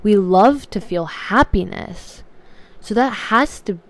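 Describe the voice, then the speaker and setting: A young woman vlogger talking earnestly and reflectively to camera, slow and searching, with frequent restarts. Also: mid-range voice, expressive. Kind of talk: personal talk to camera.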